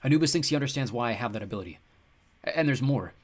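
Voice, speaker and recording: A man's voice: medium pitch, expressive, very fast, close to an everyday voice. A man voicing an earnest, hesitant teenage boy in an audiobook.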